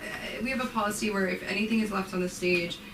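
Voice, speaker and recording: A woman's voice: medium pitch, fast talker. A woman hosting an open mic comedy night, bantering and teasing comics as she introduces them. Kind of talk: emceeing a comedy show. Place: comedy club stage. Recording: echoey room, distant mic, noise.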